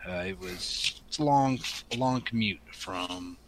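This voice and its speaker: A man from the Pacific Northwest talks casually on a podcast, his voice lowish and bright with a forward edge. He rambles and restarts, with a faint noise under the recording. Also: unhurried, rough recording. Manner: rambling, full of ums and restarts. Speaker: podcast co-host. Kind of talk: casual chat.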